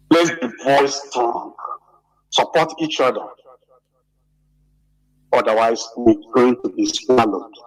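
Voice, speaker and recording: A man makes an impassioned appeal at a deliberate, unhurried pace. He sounds set back from the microphone, on a distant radio-quality line. He repeats his pleas and rises in pitch as he urges listeners. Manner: slow, emphatic and repetitive, rising in pitch on pleas. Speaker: guest speaker on a call-in radio broadcast.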